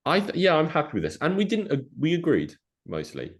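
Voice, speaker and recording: A man's voice: fairly high pitch, wildly swooping pitch, a little fast. A young man co-hosting a podcast, chatting casually in a playful, jokey, rambling way. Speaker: podcast co-host. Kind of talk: casual chat.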